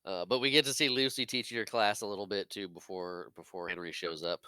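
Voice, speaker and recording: A man co-hosting a podcast, chiming in with quick agreements and frequent laughs during a casual movie recap. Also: low-pitched, fairly even intonation, pushed and bright, clear, resonant tone, no room sound. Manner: laughs often, chimes in with short agreements. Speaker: podcast co-host.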